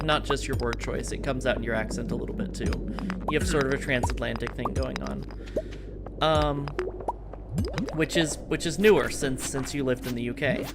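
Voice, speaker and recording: A woman's voice: very deep voice, background noise. A woman streamer with a working-class American city accent, chatting casually and rambling with lots of fillers while playing a game. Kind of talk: casual chat while gaming.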